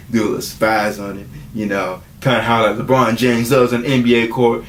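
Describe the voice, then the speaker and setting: A man's voice: mid-range voice, a little hiss or hum, pitched below the performer's own voice, close to an everyday voice. A man doing a swaggering cocky sports co-host. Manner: boastful street-talk swagger. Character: brash overconfident male sports co-host. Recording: echoey room.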